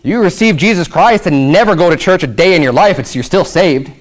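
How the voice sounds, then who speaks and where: A man's voice: high-pitched, lively intonation, brisk. A man preaching a sermon as pastor, reading scripture aloud and explaining it in casual asides, pushing up to emphatic peaks with rhetorical questions.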